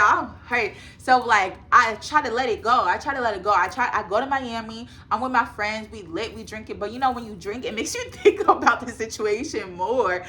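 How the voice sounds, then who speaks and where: Young woman vlogger, bright and slightly high voice, emphatic casual storytelling to camera. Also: a little hiss or hum. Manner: chatty, emphatic, talks straight to viewers.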